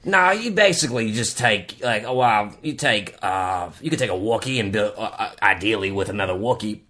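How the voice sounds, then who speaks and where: A man's voice: on the low side, animated, moderate pace, bright, forceful tone. A man playing a boastful Australian creature wrangler, rambling and hesitant with a put-on Australian accent in an improvised comedy interview.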